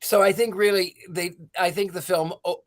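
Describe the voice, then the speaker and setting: Thoughtful woman, halting speech. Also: fairly low pitch, fairly even intonation. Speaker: podcast co-host. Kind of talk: casual film discussion chat.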